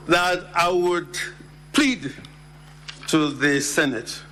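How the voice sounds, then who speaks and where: A man, a lawyer, making a deliberate, emphatic formal legal argument in a senate chamber and repeating key words. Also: fairly high pitch, gravelly, bright, forceful tone, big-room sound, slight background noise.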